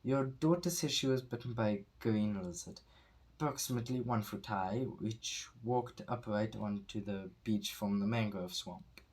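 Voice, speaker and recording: A man's voice: lowish voice, moderate pace, a little mellow, lightly acted. A man reading the lines of a confident, knowledgeable field biologist who reassures worried parents. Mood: reassuring. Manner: confident, explanatory.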